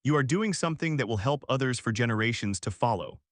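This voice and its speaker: A man's voice: medium pitch, expressive, fast talker, no room sound, natural voice. Man reading cheerful educator, passionate, determined, dry close sound.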